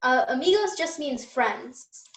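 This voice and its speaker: A woman's voice: sits high, lively intonation, unhurried, fairly bright tone, roomy sound, rough recording. A young woman tutoring an online Spanish class, explaining step by step with patient fillers.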